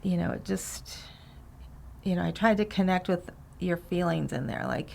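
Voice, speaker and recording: A middle-aged mother speaking in a hesitant, halting way in a family conversation. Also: lowish voice, vocal fry, a little hiss or hum. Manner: soft-spoken, hesitant, halting. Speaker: mother of the storyteller.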